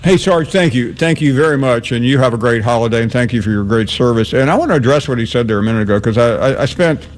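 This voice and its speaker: A man's voice: mid-range voice, fast talker, few pauses. Man hosting a sports talk radio show. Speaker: radio host.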